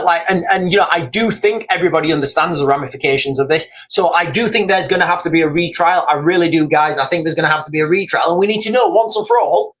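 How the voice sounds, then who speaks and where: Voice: mid-range voice, fairly bright tone, low-quality recording. A livestreamer, chatting casually and reading comments aloud, rambling and often calling the audience guys. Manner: rambling, repeatedly addressing viewers as guys. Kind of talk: casual live-stream chat.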